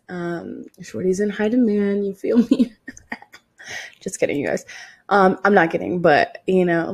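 A woman in her twenties hosting a casual solo podcast, hoarse and raspy from losing her voice, talking bluntly and swearing freely. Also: on the low side, darkish tone. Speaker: podcast host.

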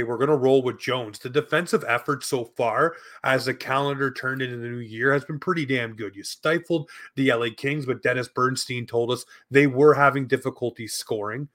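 A man's voice: medium pitch, a bit bright. A man giving an opinionated hockey commentary monologue, emphatic and argumentative, repeating his points.

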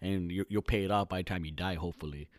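A man's voice: low voice, quick pace, no echo. A man in his thirties from California, talking alone in a casual, rambling, profane podcast monologue full of slang.

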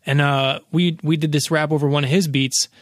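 A man's voice: fairly high pitch, fairly even intonation, a little fast, no room sound, studio quality. A man in his thirties, a podcast guest, telling loose, profane stories in casual chat with lots of fillers.

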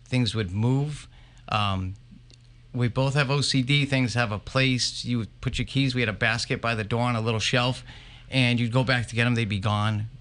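A man guest on a live podcast interview, recounting his experiences in an animated, emphatic way. His voice is bright and forceful, with middling pitch. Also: moderate pace. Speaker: paranormal investigator guest.

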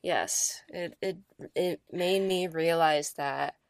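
Recorded dry at studio quality, a woman in her thirties tells a personal story as a podcast co-host, chatty and heavy on "like". Her low-pitched voice is gravelly, and she takes her time.

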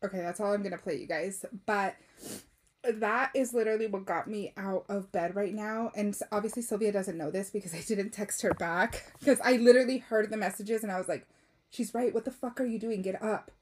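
A woman's voice: mid-range voice, a little fast. A young woman hosting a podcast, talking candidly and emotionally, dropping Spanish phrases and swearing. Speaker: podcast host. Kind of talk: casual confessional chat.

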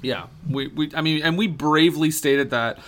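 A man co-hosting a comedy podcast, playing the straight man with quick asides. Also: fairly high pitch, fairly bright tone. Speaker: podcast co-host. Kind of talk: casual comedic chat.

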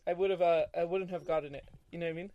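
A young man co-hosting a podcast in casual chat, blunt and excitable, full of "like" and "dude". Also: fairly high pitch, rapid-fire, no echo, lo-fi sound. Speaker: podcast co-host.

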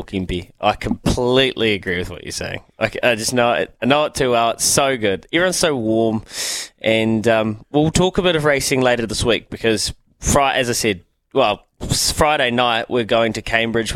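A man's voice: mid-range voice, a bit bright, no room sound. A man hosting a morning radio show, upbeat as he runs through the lineup. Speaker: host.

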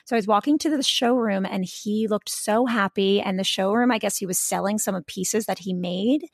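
A woman's voice: medium pitch, moderate pace, gravelly, dry recording, clean studio sound. A woman co-hosting a podcast in casual, rambling chat, full of fillers and restarts. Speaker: podcast co-host.

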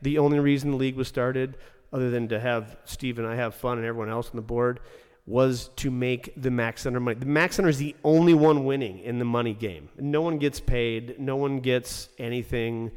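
A man's voice: mid-range voice, steady tone, a little fast, darkish tone, smooth. Brief: outspoken ex-rink manager, a man who swears freely, recorded in a reverberant room. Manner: blunt, profane, ranting. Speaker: former ice rink general manager. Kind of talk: casual podcast chat.

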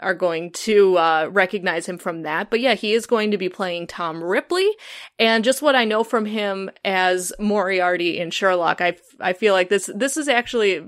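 A woman's voice: mid-range voice, moderate pace, fairly bright tone. A woman hosting a podcast in casual chat, chatty and enthusiastic, often restarting her sentences. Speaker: podcast host.

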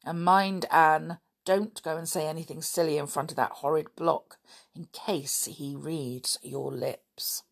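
Dick, a lively schoolboy, rattles off his lines quickly and a little bossily, in a lowish voice, as a woman reads him aloud in a storybook. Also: vocal fry, exaggerated voice.

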